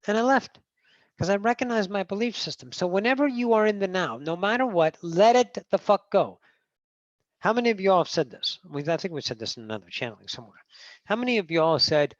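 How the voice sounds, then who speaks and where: A trans woman channeling spiritual teachings in a meeting, blunt and profane, swinging from low murmurs to loud outbursts. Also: expressive, brisk, dry recording. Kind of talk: channeling session talk. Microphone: video call. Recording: dull, dry video call audio.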